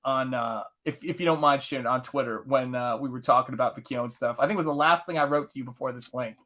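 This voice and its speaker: A man's voice: mid-range voice, fast, a bit bright. A middle-aged man hosting a live art stream, chatting casually and enthusiastically with his viewers while he paints. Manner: enthusiastic, rambling, talks to the chat.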